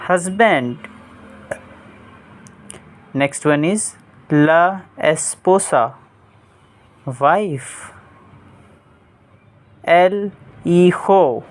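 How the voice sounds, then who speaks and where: Casting: young male tutor, very slow, deliberate repeats. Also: on the high side. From India. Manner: repeats each word slowly and clearly. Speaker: Spanish teacher. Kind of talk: vocabulary lesson, word by word.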